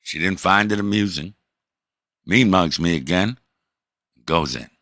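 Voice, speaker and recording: A man's voice: low voice, a little slow, sharp tone, dry recording, clean studio sound. A middle-aged man streaming, telling a rambling, profane story in a wry, casual way.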